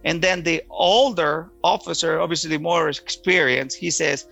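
A man telling a personal story in an earnest, halting way, often repeating words as he goes. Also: a little high, gravelly, sharp tone, highs cut off, soft background music. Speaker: storyteller giving a personal testimony.

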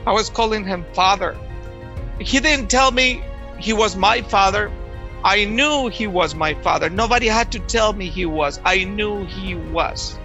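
A man telling his personal faith testimony, emotional and halting, often restarting his words. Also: high-pitched, sharp tone, lo-fi sound, soft background music.

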